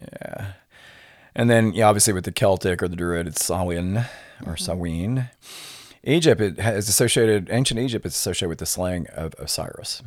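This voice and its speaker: A middle-aged man, a podcast guest, explaining things in an unhurried, lecturing way with many filler words. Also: low-pitched, no echo, clean studio sound. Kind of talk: conversational explaining.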